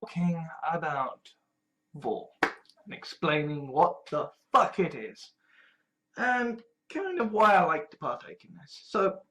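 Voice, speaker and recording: A woman's voice: medium pitch, low-quality recording. A woman giving a rambling, profane video monologue, agitated and often breaking off mid-sentence. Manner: profane, agitated, self-interrupting. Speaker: vlogger.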